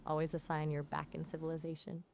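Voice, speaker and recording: A woman's voice: low-pitched, level tone, fast, gravelly, darkish tone, slight background noise. A synthetic woman's voice acting as an AI companion, chatty and full of playful quips. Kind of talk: conversational AI chat.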